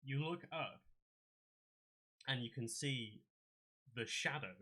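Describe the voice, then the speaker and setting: A man's voice: medium pitch, slow, pushed and bright. A man narrating as game master in a tabletop game, describing scenes with frequent ums and restarts.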